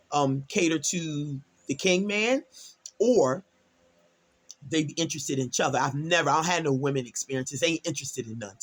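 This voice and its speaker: A woman's voice: sits low, breathy edge. A middle-aged woman from Delaware, telling a personal story in a casual, chatty vlog style, acting out what people said with emphatic exclamations. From Delaware, USA. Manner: animated, chatty, acts out quotes with emphatic exclamations. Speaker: storytime vlogger.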